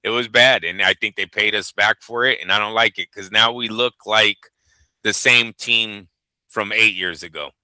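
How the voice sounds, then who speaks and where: A man's voice: fairly low pitch, moderate pace, sharp tone, clear, resonant tone, no echo. A man co-hosting a boxing show, chatting casually and tossing in "dude" and "bro". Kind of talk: casual podcast chat.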